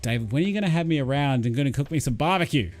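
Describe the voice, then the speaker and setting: A friendly man hosts a casual livestream, greeting viewers by name and chatting about their progress. His talk rambles along in a mid-pitched voice, full of restarts and fillers, over faint music. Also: expressive, racing. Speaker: channel host reading live chat.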